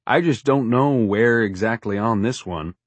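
A gruff boat captain who runs his deck with short, blunt commands, as a male narrator puts him on. The voice is low and husky, and it sits close and dry in the recording. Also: unhurried, dry recording. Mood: offhand. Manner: barking orders, blunt and commanding.

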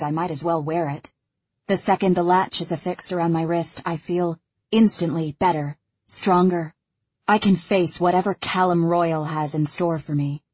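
A woman narrating an audiobook in the first person, with a husky voice and an even, measured reading. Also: lowish voice, no echo, dull audio.

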